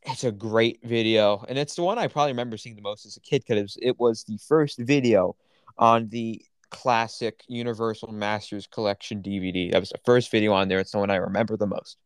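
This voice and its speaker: A man's voice: on the low side, fairly quick, no echo. A man co-hosting a podcast in casual chat, enthusiastic and opinionated, with lots of fillers. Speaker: podcast co-host.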